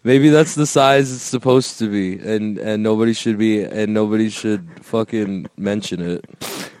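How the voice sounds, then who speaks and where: A man's voice: on the low side, measured pace, a little mellow, no room sound, clean studio sound. A man chatting casually on a video call, rambling with lots of restarts and swearing. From Hispanic family, US. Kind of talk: casual chat.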